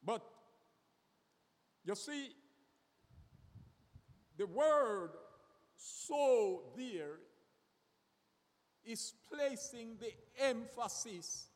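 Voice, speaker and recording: Slow, high-voiced male preacher in a hall. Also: lively intonation. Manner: slow, deliberate, repeats words when searching. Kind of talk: sermon. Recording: long reverb of a hall.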